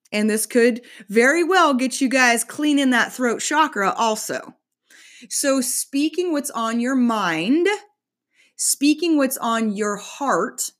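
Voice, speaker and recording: A middle-aged woman giving a casual spiritual teaching talk, chatty and animated, with playful asides. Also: fairly high pitch.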